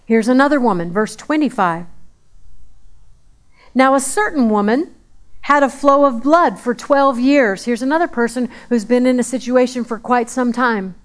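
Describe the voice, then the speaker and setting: A woman's voice: fairly high pitch, moderate pace. A woman preaching a sermon in a conversational way, repeating phrases for emphasis.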